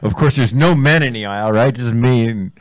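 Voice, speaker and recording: A man's voice: medium pitch, fairly quick, dry recording. A man co-hosting a talk show, laughing often and chiming in with jokes in casual comedic banter. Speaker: podcast co-host.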